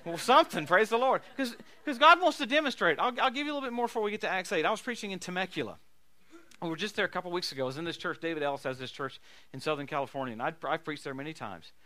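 A man preaching with a high, bright, forceful voice, recorded close and dry with hardly any room sound. He tells healing stories in an animated way, laughing along and breaking into loud emphatic bursts. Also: rapid-fire, no room sound. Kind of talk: sermon with healing testimonies.

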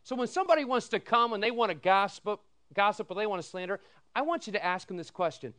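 Talking fast in a high-sitting voice, a middle-aged pastor preaches a sermon full of folksy stories. He acts out quoted voices with animation and keeps asking his congregation "amen?".

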